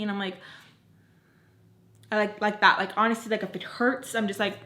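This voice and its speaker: A woman's voice: mid-range voice, fairly even intonation, fairly quick, a bit bright, reverberant, a little hiss or hum. Blunt, mouthy young woman telling a story. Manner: blunt, mouthy, swears freely. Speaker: storytime vlogger. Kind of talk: casual storytime chat.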